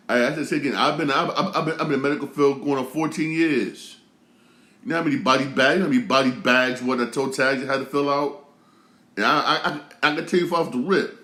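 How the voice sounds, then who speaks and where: A man in his thirties hosts his own show, delivering a casual, heated rant full of slang, repetition and restarts. His medium-pitched voice is a bit bright, and the recording has a roomy sound.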